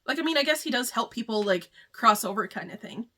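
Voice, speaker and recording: A woman's voice: fairly high pitch, animated, a little fast, pushed and bright. A woman giving a casual, rambling book review, chatty and full of filler words. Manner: chatty, rambling, heavy use of "like".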